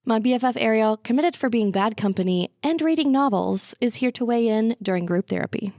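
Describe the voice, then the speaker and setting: Woman host, gravelly voice, dry close mic, casual jokey intro. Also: a little high, animated, fairly quick, darkish tone, dry recording. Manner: upbeat, jokey introductions, frequent backchannel. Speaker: podcast host. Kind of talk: casual podcast chat. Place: library recording room.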